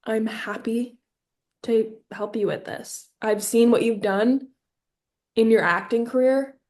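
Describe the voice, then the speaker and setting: A woman telling of a gentle kindly female saint. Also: on the high side, fairly even intonation, takes it slowly. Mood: earnest.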